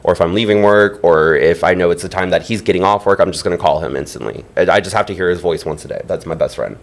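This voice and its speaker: A man's voice: low voice, quick pace, creaky. Chatty man telling a story, laughing. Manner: animated, laughs often, chatty storytelling with many fillers. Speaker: podcast guest. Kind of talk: casual chat.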